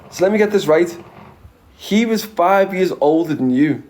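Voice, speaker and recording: Mellow-voiced Scouse man swearing casually. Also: high-pitched, lively intonation, a little slow. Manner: blunt, swears heavily, chuckles often. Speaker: livestreamer reading viewer comments. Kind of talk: casual chat to viewers.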